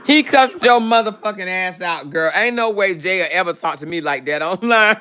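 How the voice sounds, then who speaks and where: A woman hosting a casual livestream, commenting in an animated, salty way and laughing often as she talks to her viewers. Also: fairly low pitch, normal speed, smooth. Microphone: phone.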